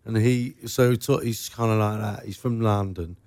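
A man's voice: lowish voice, fairly even intonation, moderate pace, a little mellow, dry recording, clean studio sound. A man hosting a radio show, chatting casually and joking with his guest, laughing often. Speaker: radio host. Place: radio studio.

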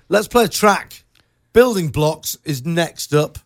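A man's voice: on the high side, moderate pace, dry recording, studio quality. Joking, chatty male radio host. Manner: chatty, joking, laughs often. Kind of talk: casual radio chat. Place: radio studio.

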